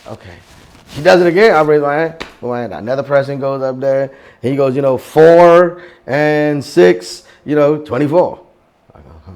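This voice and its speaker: A man's voice: fairly high pitch, normal speed, a little mellow, clear, resonant tone. A man from Ghana, a fashion entrepreneur, telling his story in an interview with passion and emphasis, acting out the voices he quotes.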